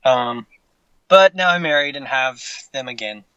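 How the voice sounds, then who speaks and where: A laid-back man chats casually as a podcast co-host. His voice is bright, with a dry, close sound. He laughs easily between lines. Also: medium pitch, expressive, measured pace, smooth, no echo, lo-fi sound. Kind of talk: casual chat.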